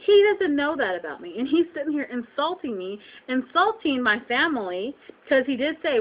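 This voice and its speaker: A young woman with a slightly high voice vents to her webcam, upset and close to tears. She repeats herself and throws out rhetorical questions. The audio is dull and lo-fi. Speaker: vlogger. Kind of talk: emotional venting to camera.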